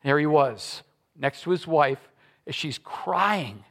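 A middle-aged man preaching a sermon to his church congregation, telling a personal story with lively acted-out voices and leading a prayer. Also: fairly high pitch, slow, vocal fry. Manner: animated storytelling, acting out quoted voices. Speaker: pastor. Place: church service before a congregation.

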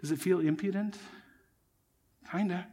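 High-voiced earnest male preacher. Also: steady tone, unhurried, dark tone. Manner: earnest, emphatic preaching, addresses listeners as friends. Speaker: pastor. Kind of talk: sermon.

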